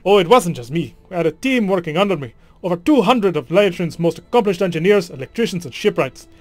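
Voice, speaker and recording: A man's voice: high voice, sing-song, fast talker, a little mellow, dry recording. A man voicing a chatty, proud female ship engineer in a game, putting on an accent that he admits he cannot do. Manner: attempted accent, awkward.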